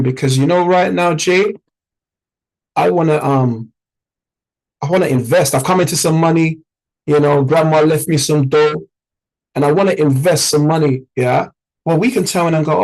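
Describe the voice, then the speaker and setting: A British man who works as a trading mentor gives an emphatic, conversational motivational talk to a group, often checking in with "yeah?". His voice is on the high side with a darkish tone, at a moderate pace, and the recording is rough.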